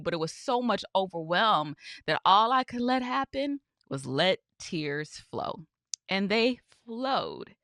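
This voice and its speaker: Bright, lively woman telling a personal story. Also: mid-range voice, dry recording, studio quality. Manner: candid, conversational, with frequent "you know" asides. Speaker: podcast host and reverend.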